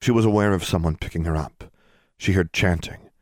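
A man narrating a fantasy novel aloud in a measured, even storytelling read. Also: sits low, no echo, studio quality. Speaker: audiobook narrator. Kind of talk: scripted narration.

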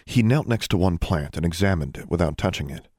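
Deep-voiced man reading a fantasy story. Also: no room sound, clean studio sound. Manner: slow, measured, expressive reading. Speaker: audiobook narrator. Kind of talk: scripted narration.

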